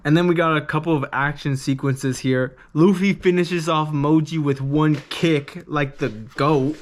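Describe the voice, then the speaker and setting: A man's voice: on the high side, fairly even intonation, measured pace. A young man casually reviewing a manga, rambling and swearing loosely in a laid-back way.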